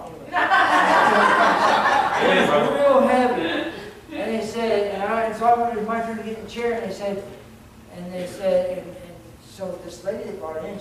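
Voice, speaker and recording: A middle-aged man, a pastor, telling rambling, laughing anecdotes during a sermon. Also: high-pitched. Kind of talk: sermon storytelling. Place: church sanctuary. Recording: very echoey, distant mic, noisy.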